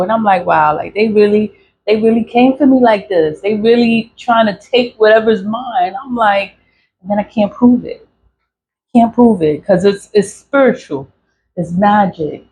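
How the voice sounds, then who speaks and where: A woman's voice: medium pitch, a little mellow, slight background noise, low-quality recording. A woman selling spiritual products who chats casually to camera, rambling, repeating herself and laughing between phrases.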